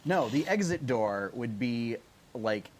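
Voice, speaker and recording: A man narrating as game master in an unhurried, loose way, with lots of fillers. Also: medium pitch, animated, a little hiss or hum.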